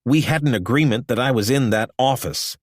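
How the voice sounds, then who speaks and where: A man voicing a furious, hot-tempered middle-aged male executive who shouts and rages. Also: on the low side, animated, a little slow, no echo, clean studio sound. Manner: angry, shouting, raging.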